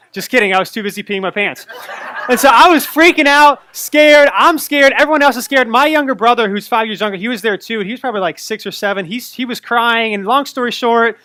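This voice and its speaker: Animated, bright-voiced male pastor preaching. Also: very high-pitched, fast, few pauses, no room sound. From North Carolina. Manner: animated storytelling, acts out his own fright. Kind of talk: sermon with personal story.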